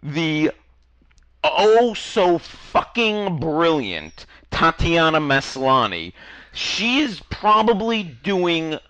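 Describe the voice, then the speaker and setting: A man's voice: on the high side, sing-song, extremely slow, sharp tone, dry recording. A man co-hosting a casual chat about TV, enthusiastic and swearing, often stumbling and restarting mid-sentence. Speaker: podcast co-host.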